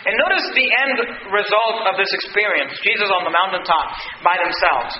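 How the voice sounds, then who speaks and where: A man preaching a sermon as pastor, reading scripture aloud and climbing to shouts on the quoted lines. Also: extremely high pitch, a little hiss or hum. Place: church sanctuary. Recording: roomy, dull church recording.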